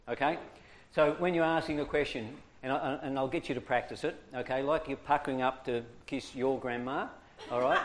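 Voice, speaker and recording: A man's voice: mid-range voice, normal speed, a little hiss or hum. A man leading a training class for church teachers, coaxing his listeners along and checking in with them often. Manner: lively, coaxing, keeps checking in with "okay?".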